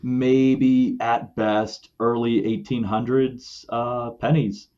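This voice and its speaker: A man's voice: medium pitch, little pitch movement, takes it slowly, a little mellow. Man with a dull, lo-fi sound. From West Virginia. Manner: thoughtful, explains at length. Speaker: podcast guest. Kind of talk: casual conversation.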